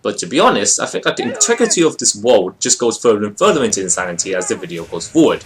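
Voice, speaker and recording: A young man giving a casual, rambling video review of a friend's short film, expressive and full of fillers. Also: on the low side, fast talker, crowd noise.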